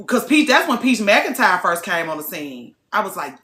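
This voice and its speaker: A woman talking to camera in a casual vlog rant, blunt and profane, preaching hard and swinging into shouts. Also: mid-range voice, very animated, normal speed, few pauses, reverberant. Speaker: vlogger.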